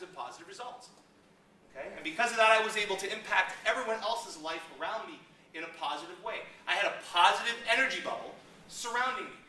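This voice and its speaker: In a seminar room, a middle-aged man with a high voice gives a motivational talk, animated and acting out little scenes in raised voices to make his points. The room echoes, and the mic is some distance away.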